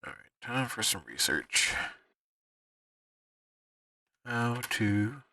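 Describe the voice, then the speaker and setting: A man hosting a livestream, muttering to himself as he fiddles with his software, heard on a distant desk mic. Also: lowish voice, sing-song, unhurried, no echo, studio quality. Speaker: livestream host. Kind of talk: casual livestream chatter.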